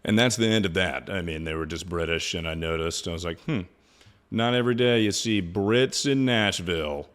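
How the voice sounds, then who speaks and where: This man has a low, slightly bright voice and a moderate pace. Streaming live, he keeps the chat casual and jokey, swearing a lot and calling everyone "dude."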